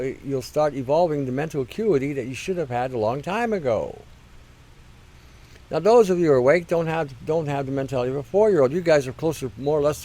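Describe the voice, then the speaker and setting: A man's voice: a little high, darkish tone. A man hosting his own online show, delivering a blunt, combative rant full of crude language and swearing. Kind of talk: blunt ranting monologue.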